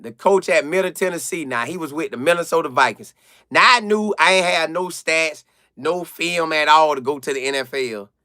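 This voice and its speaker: A young man chats with his live audience in a high, bright voice. He is animated and excitable, hammering his points home by repeating them. The sound is dry and close to the mic. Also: no echo. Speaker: live-stream host answering chat. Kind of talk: casual live chat commentary.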